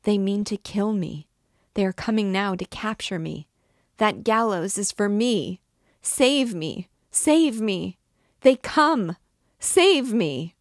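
A woman's voice: level tone, unhurried, gravelly, a little mellow, no echo, studio quality. A woman voicing a frightened young woman condemned to die, pleading in a raised, breathless voice in a dramatic novel reading. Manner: pleading, breathless, higher pitched.

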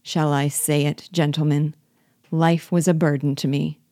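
Low-voiced woman reading a novel aloud. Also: flat delivery, a little slow, warm tone, no room sound, studio quality. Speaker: audiobook reader. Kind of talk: measured literary reading.

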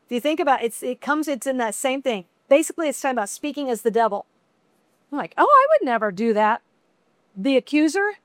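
Chatty woman teaching Bible study, high voice. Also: fast talker, no echo. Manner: chatty, conversational, animated asides.

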